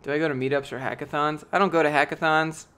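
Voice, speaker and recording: A man's voice: on the high side, fairly even intonation, fast talker, pushed and bright. A young man chatting casually on a live stream, answering chat with rambling, jokey, profane talk.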